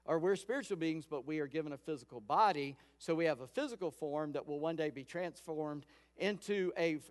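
A pastor giving a sermon in a conversational storytelling way, acting out quoted lines. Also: male voice, fairly high pitch, brisk. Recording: long hall reverb.

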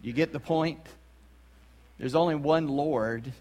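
A man preaching in a church, his voice pitched high for a man. He talks like he's chatting with the congregation, throwing out rhetorical questions with emphasis, and his words ring out in a long church reverb. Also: takes it slowly, a little mellow. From South Carolina. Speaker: pastor. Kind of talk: sermon. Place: church sanctuary.

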